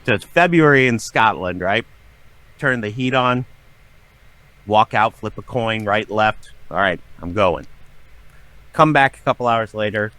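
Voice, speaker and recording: A middle-aged man, a podcast guest, telling a story with lots of swearing and dramatic acted-out shouting. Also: fairly low pitch, expressive, a little slow, pauses often, no echo. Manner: profane, dramatic, acts out his own shouting. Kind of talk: animated storytelling.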